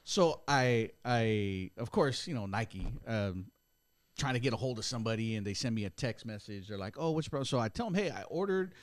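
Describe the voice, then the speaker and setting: In a relaxed podcast conversation, the young co-host animatedly narrates a story, acting out the quoted lines. His voice is on the low side and fairly quick, in a dry recording.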